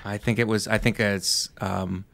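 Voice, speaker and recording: A man's voice: lowish voice, steady tone, a little slow, gravelly, a bit bright. A man in his forties from Ohio, a comedian guest telling rambling stories in casual podcast chat and often laughing. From Ohio, USA.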